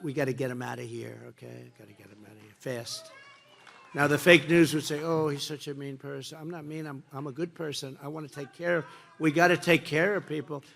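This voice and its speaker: Emphatic, gravelly man at a rally. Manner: emphatic and repetitive, jumping between loud bursts and low asides. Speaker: political speaker at a rally. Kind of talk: rally speech. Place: campaign rally before a crowd.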